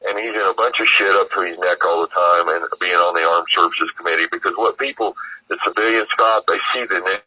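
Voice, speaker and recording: A man's voice: low voice, fairly even intonation, brisk, slightly rough, dry recording, muffled recording. An American man telling a long story as an interview guest, rambling and profane with lots of "you know". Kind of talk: casual storytelling.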